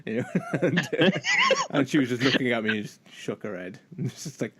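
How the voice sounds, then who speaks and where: A man's voice: mid-range voice, animated, fairly quick, crowd noise. A man co-hosting a podcast, telling rambling, self-mocking stories with frequent chuckles. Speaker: podcast co-host. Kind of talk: casual podcast banter.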